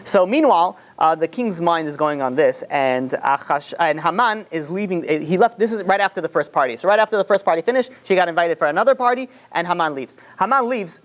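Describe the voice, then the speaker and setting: A man's voice: high-pitched, expressive, fairly quick, hardly any pauses. A man, a rabbi, retelling a story in a casual, rambling way, full of "you know" fillers and restarts.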